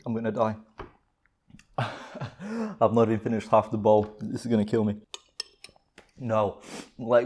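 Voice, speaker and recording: A man's voice: medium pitch, a little mellow. A man hosting a casual cooking vlog at home, rambling and exclaiming with self-mocking humor. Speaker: channel host. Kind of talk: casual vlog chat while cooking and eating.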